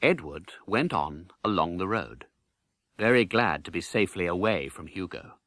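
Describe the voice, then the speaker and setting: A man narrating a children's audiobook in an animated, expressive way. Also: low voice, moderate pace, dry recording. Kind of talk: storybook narration.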